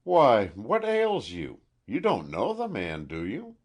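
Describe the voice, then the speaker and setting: A man's voice: medium pitch, huge pitch swings, takes it slowly, pitched above the performer's own voice, heavily acted. A man voicing a nosy, blunt middle-aged landlady in an audiobook, speaking in a prying, outspoken way.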